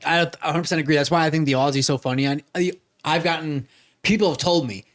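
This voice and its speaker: A man's voice: a little high, quick pace, no room sound, clean studio sound. Chatty, jokey male podcast host. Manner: rambling, jokey, quotes people in animated voices. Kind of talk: casual chat.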